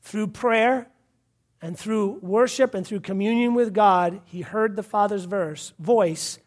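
Slow and high-sitting, the voice belongs to a Massachusetts preacher in full fervor. He repeats his points over and over and calls out hallelujahs as he delivers his sermon.

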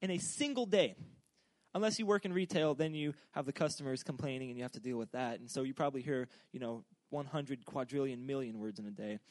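A man's voice: mid-range voice, brisk, dry recording. A young man giving a humorous, casual sermon in a joking, rambling, self-deprecating way. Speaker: preacher.

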